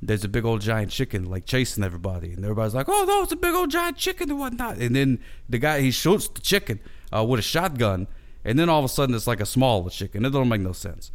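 A man's voice: lowish voice, quick pace. Rambling, folksy man recapping a show. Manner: rambling, folksy, with self-corrections. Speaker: show host reviewing an old TV series. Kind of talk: casual rambling commentary.

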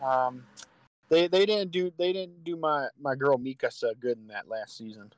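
A man co-hosting a casual chat, joking and profane, quick to laugh. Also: medium pitch, no echo. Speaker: podcast co-host.

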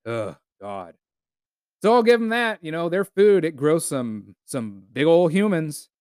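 A sarcastic man from the United States hosting a casual solo podcast, cursing freely and chuckling as he goes. His voice is smooth and clear. It sounds dry and close, with no room around it. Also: fairly high pitch, big pitch swings, a little slow, a little mellow, dry recording. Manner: sarcastic, profane, laughs often. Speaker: podcast host.

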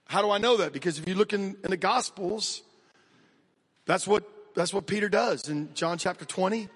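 High-voiced American preacher in a reverberant hall. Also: male voice, moderate pace, slightly rough. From United States. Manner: energetic, conversational preaching with direct asides to the congregation. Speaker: pastor. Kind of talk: sermon.

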